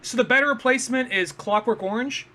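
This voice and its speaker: High-voiced young man, animated podcast chat. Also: fast. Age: young adult. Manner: animated, laughing, acts out cartoon lines. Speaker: podcast co-host. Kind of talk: casual chat.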